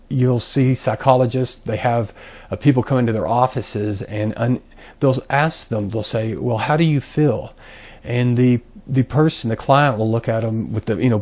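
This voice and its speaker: A man's voice: mid-range voice, a little mellow. A man hosting his own channel, giving a loose, unscripted self-help talk with many ums and restarts. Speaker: channel host.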